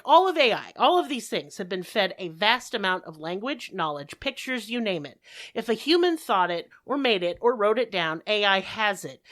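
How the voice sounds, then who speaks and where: A woman's voice: a little high, fairly bright tone. A woman co-hosting a podcast, explaining things in a casual, emphatic way with frequent swearing and mock rants. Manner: profane, ranting, emphatic explainer. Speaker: podcast co-host explaining a topic.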